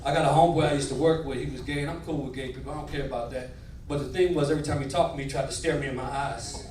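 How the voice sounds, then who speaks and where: Animated man doing stand-up in a roomy club. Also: mid-range voice, rapid-fire. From northern United States. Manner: animated, switching voices, crowd work. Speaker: stand-up comedian. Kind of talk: stand-up comedy set. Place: comedy nightclub. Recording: roomy club from far, crowd.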